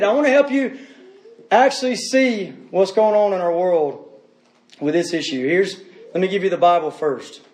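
An earnest pastor preaching to his church, leaning on repeated phrases and rhetorical questions. His voice sits high for a man. The sound carries the roomy echo of a church sanctuary. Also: darkish tone. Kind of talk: sermon.

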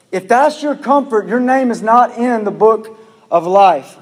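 Pastor, male, high voice, urgent pleading delivery, reverberant church hall. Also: measured pace. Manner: earnest pleading preaching, repeats phrases. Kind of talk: sermon.

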